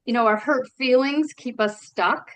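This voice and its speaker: A woman's voice: fairly high pitch, unhurried, no echo, rough recording. A woman on a team call thoughtfully relaying what she took away from a training session. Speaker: team member sharing notes. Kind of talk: casual chat on a call.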